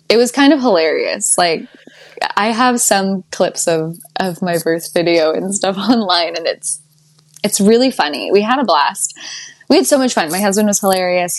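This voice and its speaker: A young adult woman telling her birth story as a podcast guest in casual conversation. She laughs often and jumps up high when she quotes herself. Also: no room sound, studio quality.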